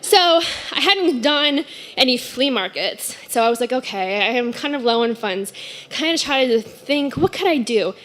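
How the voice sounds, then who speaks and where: A woman's voice: high voice, expressive, moderate pace, a bit bright. A woman telling a personal story on stage at a story slam, chatty and often laughing as she acts out the people in it.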